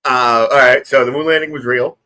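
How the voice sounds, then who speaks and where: A man's voice: medium pitch, fairly even intonation, fairly quick, bright, forceful tone. A man co-hosting a casual stream in a laid-back, joking way, laughing often. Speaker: regular co-host. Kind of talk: casual chat.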